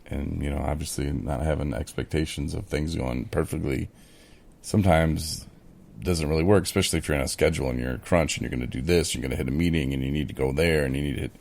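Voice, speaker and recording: Male co-host, low and gravelly, loose chatty delivery that leans into quoted back-and-forth. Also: fast talker, a little mellow. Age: adult in recovery, speaking of early sobriety. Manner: conversational, with many fillers, acts out his own quoted replies. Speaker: podcast co-host. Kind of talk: casual chat.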